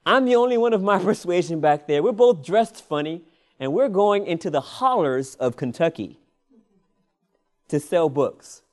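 A male preacher telling a personal story in a sermon, animated and often laughing, drawing "Amen" responses. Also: high voice, moderate pace.

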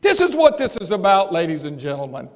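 A male preacher delivering an impassioned sermon that swings from shouts to hushed tones, with long hall reverb. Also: high-pitched, huge pitch swings, a little fast.

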